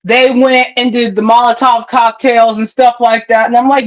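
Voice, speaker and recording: A woman's voice: on the high side, level tone, normal speed, poor audio. A woman co-hosting a TV review in casual chat, emphatic and swearing a lot, acting out her reactions. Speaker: co-host of a TV review show.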